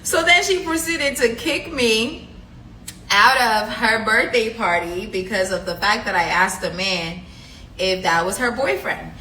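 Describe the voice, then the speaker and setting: A chatty woman with a bright, slightly high voice spins a casual story for her viewers, slipping into the voices of the people she quotes. Her sound rings around a lively, echoey room. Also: a little slow, a little hiss or hum. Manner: animated, chatty, full of fillers, acts out quotes. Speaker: vlogger telling a story.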